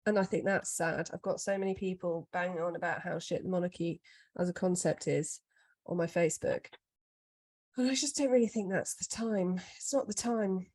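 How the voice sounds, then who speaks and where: A woman co-hosting a podcast, chatting casually and telling animated stories. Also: on the low side, normal speed. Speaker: podcast co-host. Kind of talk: casual chat.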